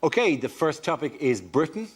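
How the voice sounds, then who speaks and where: A man hosting a panel show, briskly linking one comedian to the next. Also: on the high side, sing-song. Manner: brisk, businesslike links between acts. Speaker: game show host. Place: TV studio with audience. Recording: loud hiss and audience noise.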